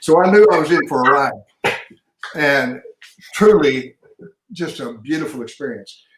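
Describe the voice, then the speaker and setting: A man's voice: mid-range voice, lively intonation, unhurried, background noise. An older man, a pastor and retired police sergeant, telling stories in an interview and acting out the dialogue. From Texas. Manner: folksy storyteller, acts out dialogue. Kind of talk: storytelling in an interview. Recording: roomy echo.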